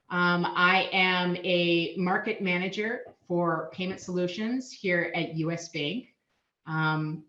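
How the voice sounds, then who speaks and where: A woman's voice: medium pitch, a bit bright. Minnesotan woman on an echoey lo-fi line. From Minnesota, USA. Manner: chatty, upbeat, frequent ums and laughs. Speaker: guest, payments market manager. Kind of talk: casual interview chat. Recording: echoey, dull lo-fi remote audio.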